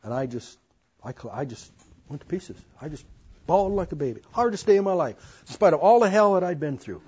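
A man's voice: fairly high pitch, lively intonation, brisk, a little mellow, breathy edge, muffled recording. Older man, earnest folksy storyteller. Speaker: speaker telling his life story. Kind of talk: personal testimony to an audience.

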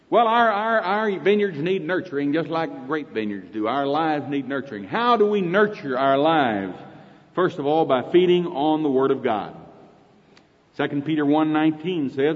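A man's voice: medium pitch, lively intonation, normal speed. A man with an Oklahoma accent preaching a sermon in a folksy, emphatic way, quoting scripture often. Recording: dull recording with long hall reverb.

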